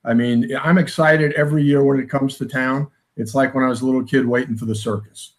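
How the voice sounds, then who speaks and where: A man's voice: medium pitch, fairly even intonation, a little fast. A man from New York, a guest dentist, chatting with enthusiasm. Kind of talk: casual chat.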